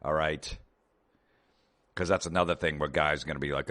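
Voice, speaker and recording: Male comic host, very low voice, exasperated profane rant. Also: fairly even intonation, moderate pace, fairly bright tone. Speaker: comedian host. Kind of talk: comedic rant.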